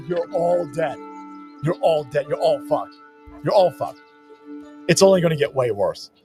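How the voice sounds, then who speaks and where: A man's voice: a little high, lively intonation, a little slow. A man streaming a strategy game, ranting and swearing as he reads and answers chat, with game music playing behind him. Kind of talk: profane gaming stream commentary.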